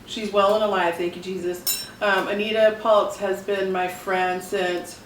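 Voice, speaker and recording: Slow chatty woman laughing a lot, bit of a cough, echoey room, mic far off. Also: medium pitch, flat delivery, a little hiss or hum. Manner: slow, giggly and exclaiming. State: recovering from a cough. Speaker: channel host. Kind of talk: casual chat over lunch. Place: home dining table.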